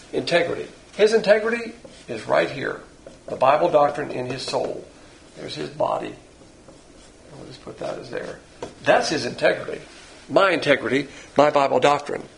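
A pastor preaching a verse-by-verse sermon, a man who acts out the lines he quotes in an animated teaching manner. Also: fairly high pitch, gravelly, slight background noise.

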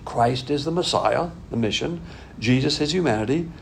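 Gravelly folksy older man preaching. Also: medium pitch, lively intonation, normal speed, slight background noise. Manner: folksy, emphatic, repeats points. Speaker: pastor. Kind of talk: conversational sermon.

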